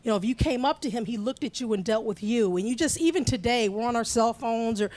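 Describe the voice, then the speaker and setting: A woman's voice: on the high side, quick pace, darkish tone. A middle-aged woman, a guest in an interview, talking about her father and acting out his lines. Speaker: interview guest, daughter of the film's subject. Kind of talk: casual interview chat.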